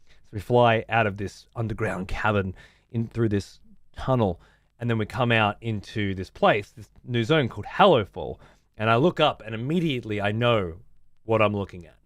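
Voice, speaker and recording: A man's voice: on the low side, moderate pace, no room sound. A man ranting casually as a streamer, sarcastic, profane and exasperated.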